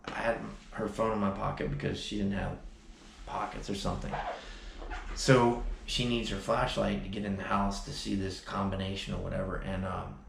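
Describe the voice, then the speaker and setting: Brief: a man with a deep, gravelly voice in an emphatic personal vlog, roomy echo. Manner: emphatic storytelling with frequent restarts and "like". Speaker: vlogger. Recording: echoey room, faint background noise.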